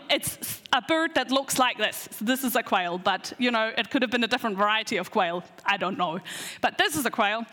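A woman with a high, bright voice teaches a Bible story in an easy, chatty way. She is animated and restarts her sentences often, full of ums. Her voice rings out in a large, echoing hall. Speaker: preacher teaching a Bible lesson. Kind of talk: casual church talk.

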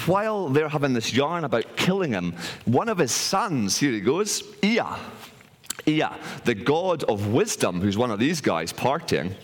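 A man retelling an ancient myth to an audience, in a lively, colloquial way with frequent restarts. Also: mid-range voice, breathy edge. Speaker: speaker. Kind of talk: animated storytelling talk. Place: hall with an audience.

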